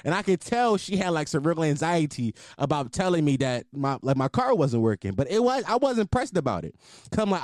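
A man in his twenties telling a story casually, animated and full of profanity. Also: fairly high pitch, brisk, no room sound, studio quality. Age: 20s. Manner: profane, animated, exaggerated outrage.

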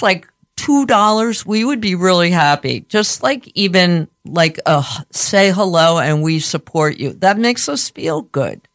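Raspy-voiced female radio host, casual and rambling, slight lisp, restarts her sentences a lot. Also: medium pitch, fairly bright tone. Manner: slightly lispy speech. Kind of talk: casual chatty talk radio.

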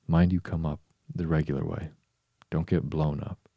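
A man voicing a fussy, flustered chess queen in an audiobook, with breathless, excitable exclamations and a very low voice. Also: normal speed, gravelly, no room sound, muffled recording, heavily acted. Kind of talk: audiobook reading.

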